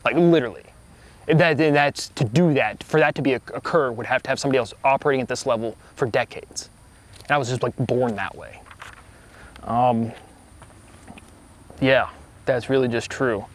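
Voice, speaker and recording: A man's voice: medium pitch, normal speed, long pauses. A man giving a meandering, self-assured monologue to his video audience, often trailing off, restarting and spelling out syllables. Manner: spells out words and syllables to make points. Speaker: vlogger. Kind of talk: rambling monologue to camera.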